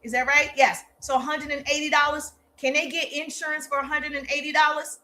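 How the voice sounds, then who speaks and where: A woman's voice: high voice, little pitch movement, brisk, sharp tone. A woman marketing coach giving an emphatic, playfully sarcastic motivational lesson. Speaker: social media marketing coach. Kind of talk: live motivational teaching talk.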